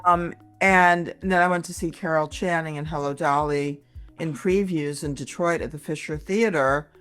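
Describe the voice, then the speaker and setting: Faint music plays behind a low-pitched woman in her sixties from Michigan, a comedian guesting on a laid-back interview. She's lively, constantly restarting and tossing in quick asides.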